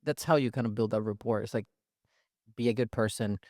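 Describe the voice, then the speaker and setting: A man's voice: on the low side, brisk, a little mellow, dry recording. Playful male podcast host, dry close mic. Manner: playful, teasing, upbeat interviewer. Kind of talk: casual interview chat.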